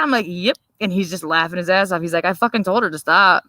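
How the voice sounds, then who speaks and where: A woman hosting a casual livestream, telling a story in a profane, animated way and laughing often. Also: on the low side, fast, hardly any pauses, no room sound. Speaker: livestream host.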